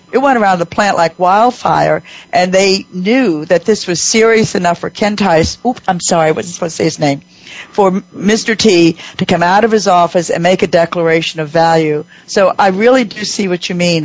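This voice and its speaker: A woman hosting a radio talk show, telling a workplace story with lively acted-out dialogue. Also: on the low side, moderate pace, no room sound, highs cut off. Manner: animated storyteller, acts out quoted voices.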